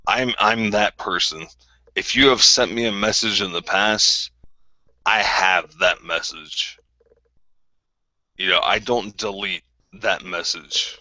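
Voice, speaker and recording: A man's voice: low-pitched, sharp tone, no echo, lo-fi sound. A man hosting a group call, bluntly and combatively calling someone out in a repetitive rant. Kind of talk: confrontational ranting callout.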